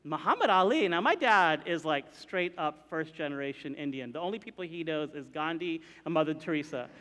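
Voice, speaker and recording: Man, live storyteller, high bright voice, animated, acts out voices, long hall reverb. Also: fairly quick. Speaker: minister telling a personal story.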